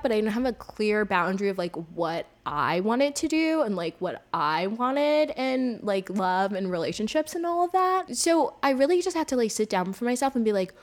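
A woman's voice: fairly high pitch, normal speed, few pauses. Chatty young woman podcast host. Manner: chatty, animated, heavy use of "like". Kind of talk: casual solo podcast monologue.

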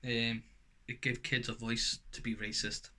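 A man's voice: mid-range voice, level tone, unhurried, pushed and bright. A young man co-hosting a podcast, blunt and sweary in casual banter. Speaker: podcast co-host.

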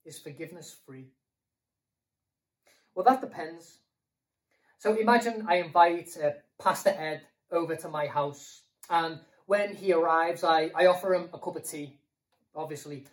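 A man's voice: on the high side, unhurried, recorded from a distance, poor audio. A British man preaching a sermon in a conversational way, asking rhetorical questions and repeating himself.

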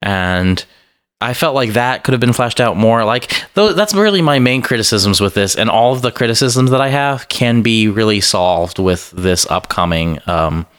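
A man's voice: on the low side, animated, normal speed, fairly bright tone, clear, resonant tone. A man co-hosting a movie podcast in casual chat, rambling and swearing freely with self-deprecating asides. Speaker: podcast co-host.

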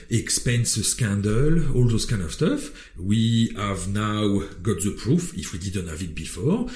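A man with a French accent talks in a lively, opinionated chat, swearing often and breaking off mid-sentence. His tone is mellow and dark. The voice rings in a roomy, echoing space. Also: lowish voice. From France. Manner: animated, swearing, wandering restarts. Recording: roomy echo.

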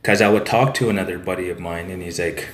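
A man's voice: deep voice, fast talker. Rambling man in an echoey room. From Saskatchewan, Canada. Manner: rambling, tag "eh" and "like" fillers. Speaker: podcast guest, author. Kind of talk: casual storytelling. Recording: roomy echo.

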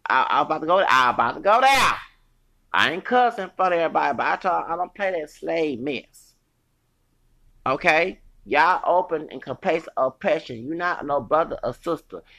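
A man's voice: on the high side, gravelly, a bit bright. A man hosting a podcast, delivering a heated, profane, rambling solo rant full of restarts.

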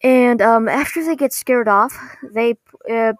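High, halting woman recapping an episode. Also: a little hiss or hum. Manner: rambling, halting, frequent self-corrections.

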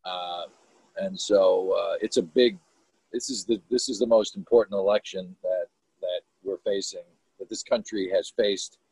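A man's voice: deep voice, fairly even intonation, measured pace, darkish tone, breathy edge, no room sound, poor audio. A man hosting a casual video chat, earnest and rambling as he searches for words.

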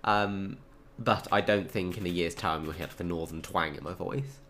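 A man's voice: low voice, normal speed, fairly bright tone, slight background noise. A young English man in casual chat, talking loosely with many fillers and frequent laughs.

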